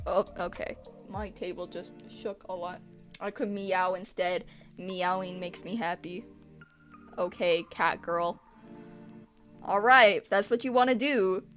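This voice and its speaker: A woman's voice: on the low side, steady tone, a little slow, long pauses, fairly bright tone, soft background music. A teenage girl chatting casually with her livestream chat while she draws, laughing often and answering viewers with playful sarcasm. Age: teens. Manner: giggly, sarcastic, talks back to chat. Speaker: art streamer.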